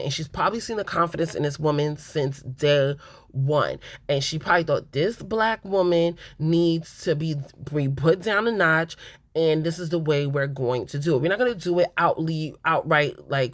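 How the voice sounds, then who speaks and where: Low-voiced woman recapping reality TV. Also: dry recording. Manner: candid, emphatic, talks straight to viewers. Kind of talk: casual opinionated recap.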